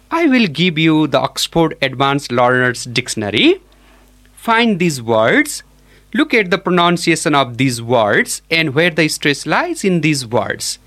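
A man teaching an English pronunciation lesson, modelling each word slowly and deliberately. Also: on the high side, fairly bright tone.

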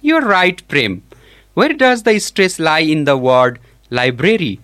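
A male teacher leads a pronunciation lesson, drawing out each example word deliberately. His delivery is unhurried and his pitch swings widely. The voice sits a little high for a man. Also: sing-song, fairly bright tone. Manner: slow, deliberate, drawn-out model pronunciations. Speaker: English teacher.

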